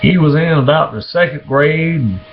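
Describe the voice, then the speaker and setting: A man telling dirty jokes in a slow, drawling way, slipping into voices for the characters. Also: fairly high pitch, muffled recording, a little hiss or hum. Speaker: joke teller.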